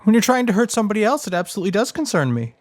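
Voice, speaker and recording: A man playing a kind, earnest young hobgoblin student in a tabletop role-play, speaking with gentle hesitation. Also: sits high, very animated, racing, no room sound. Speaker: player.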